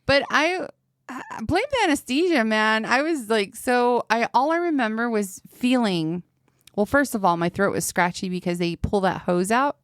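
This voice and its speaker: A woman's voice: fairly high pitch, animated, normal speed, no room sound, clean studio sound. A woman around thirty co-hosting a podcast in casual chat, laughing often and swearing freely. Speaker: podcast co-host.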